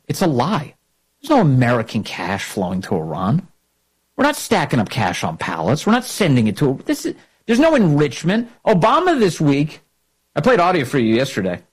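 Male political host, husky and highly animated, mocking and indignant in delivery. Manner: animated, mocking, rising to loud indignant peaks. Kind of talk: opinionated political commentary.

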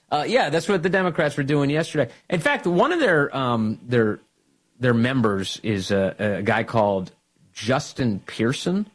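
A husky man hosting political talk radio, his pitch swinging widely as he mocks and jabs. He talks in a combative, sneering commentary style. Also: normal speed. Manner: mocking, combative, animated delivery. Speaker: radio host.

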